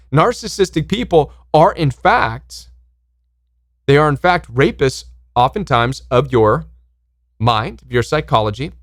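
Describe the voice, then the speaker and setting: A man's voice: mid-range voice, no echo, studio quality. A man hosting a self-help channel, speaking in an impassioned, emphatic monologue and acting out pushy voices when he quotes people.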